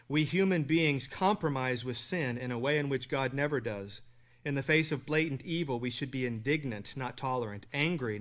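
A man preaching a sermon, asking the congregation questions and answering them, with loud stresses and quiet asides. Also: mid-range voice. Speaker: pastor.

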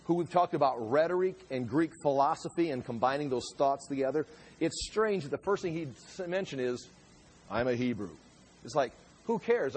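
A man's voice: on the high side, a little mellow, slight background noise. A man teaching a conversational sermon as a pastor, explaining scripture verse by verse, often repeating and restarting his words. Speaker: pastor teaching a Bible study.

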